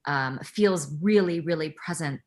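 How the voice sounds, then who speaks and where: A woman's voice: low-pitched, a little slow, a little mellow. A woman in a seminar discussion over a video call, talking frankly and earnestly with lots of casual fillers. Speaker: actor in a play-reading seminar.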